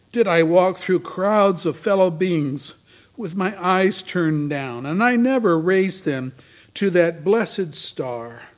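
A man voicing an anguished old male ghost in chains who laments, high, loud and slow. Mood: lamenting.

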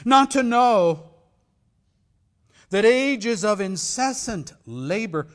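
Chained, regretful male ghost, read by a preacher, slow and mournful, voice raised high. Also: lively intonation, full character voice. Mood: anguished lament. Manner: slow, declaiming, loud and drawn out.

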